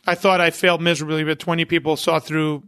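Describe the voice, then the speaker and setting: A man, an event promoter, telling lively stories as a guest on a podcast and acting out what people said. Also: fairly high pitch, fast talker, smooth, no room sound, studio quality. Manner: animated anecdote-teller who acts out quotes. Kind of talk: casual interview storytelling.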